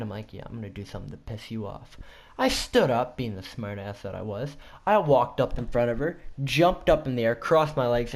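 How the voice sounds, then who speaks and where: A teenage boy telling a story from school in a casual vlog, rambling and joking, often stopping to correct himself. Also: mid-range voice. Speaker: student vlogger.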